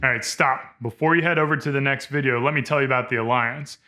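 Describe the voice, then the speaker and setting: A man's voice: mid-range voice, fairly even intonation, fast, over loud music. A man host delivering a scripted promo with a direct, upbeat call to action. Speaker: channel host.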